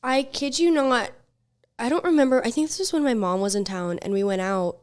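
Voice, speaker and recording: Young woman podcast host, smooth clear voice, blunt and swears a lot, lively storyteller. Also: fairly high pitch, a little fast. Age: young adult. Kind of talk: casual chat.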